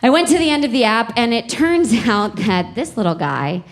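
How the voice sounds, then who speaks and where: A young woman doing a stand-up set on a comedy club stage with a handheld mic, talking in a conversational, profane way and building up to shouted punchlines. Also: a little high, big pitch swings, moderate pace. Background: audience laughter.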